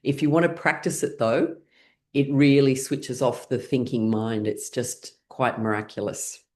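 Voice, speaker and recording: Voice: medium pitch, steady tone, a little slow, a little mellow. Laughter class instructor, middle-aged, playful, laughs often, leads counts and chants, video call. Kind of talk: online group class.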